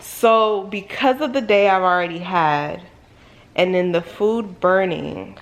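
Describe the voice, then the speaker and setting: A woman vlogger telling a personal story in a casual storytime monologue, full of "like"s and sudden high, loud exclamations. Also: slow pace. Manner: animated, filler-heavy retelling with many "like"s.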